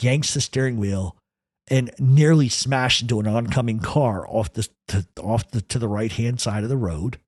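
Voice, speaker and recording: A man with a husky, slightly rough voice recounts a true crime story in first person. He talks with intensity and peppers nearly every line with profanity. The recording is dry and close, with no room sound. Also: medium pitch, darkish tone, dry recording. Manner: profane, intense, rapid retelling.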